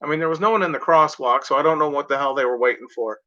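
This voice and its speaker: A man rambles through a casual vlog monologue, cursing freely and cracking jokes to himself. His voice is on the high side, pushed and bright, rapid-fire with few pauses. The recording is muffled and lo-fi.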